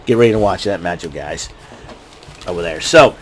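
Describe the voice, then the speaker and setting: A man hosting a casual wrestling recap, rambling and excitable, often restarting his sentences. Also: low-pitched, moderate pace, a little hiss or hum. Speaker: show host.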